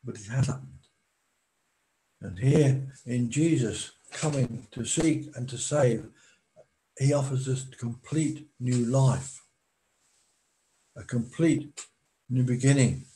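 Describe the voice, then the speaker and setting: A man preaching a sermon in a slow, deliberate way, pausing for emphasis. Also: medium pitch, warm tone, low-quality recording.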